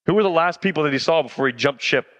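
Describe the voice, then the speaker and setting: Slangy young-sounding pastor in a hall. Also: male voice, on the high side, expressive, fast, a bit bright, lo-fi sound. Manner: conversational, slangy, asks the audience questions. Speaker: youth pastor. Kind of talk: casual sermon. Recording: reverberant hall.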